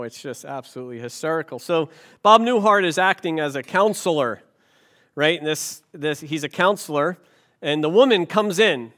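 Middle-aged guy preaching, pretty high voice, lively storytelling, lots of rhetorical questions. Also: clean tone. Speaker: pastor. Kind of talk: sermon.

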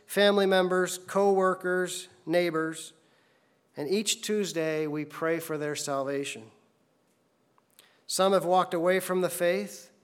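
A man preaching a sermon to his congregation, telling stories in an earnest way. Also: high-pitched. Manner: earnest storytelling preacher, voices characters in anecdotes. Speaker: pastor.

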